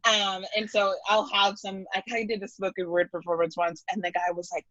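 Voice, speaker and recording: A woman from Oakland, a poet guest, telling stories in a bubbly, quick way full of "like". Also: mid-range voice, level tone, a bit bright, no room sound, muffled recording. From Oakland, California. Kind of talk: casual interview chat.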